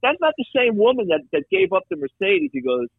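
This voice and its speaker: A man telling a story from his police work in a casual chat, animated and profane, acting out the people he met. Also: very high voice, brisk, gravelly, narrow, tinny audio, background noise. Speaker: guest, former police detective.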